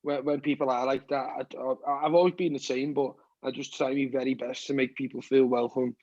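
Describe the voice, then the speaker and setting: A man's voice: medium pitch, little pitch movement, a little fast, darkish tone, no echo. A man in his twenties with a Scouse accent, a guest musician chatting casually on a podcast, rambling, swearing and often asking "you know what I mean". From Liverpool, England. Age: 20s. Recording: dull, dry lo-fi podcast audio.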